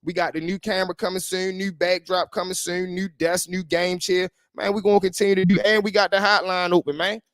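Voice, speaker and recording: High-voiced, slangy male livestream host. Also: a little fast, few pauses, dry recording, clean studio sound. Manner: animated, slangy, reads and greets chat. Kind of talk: casual livestream commentary.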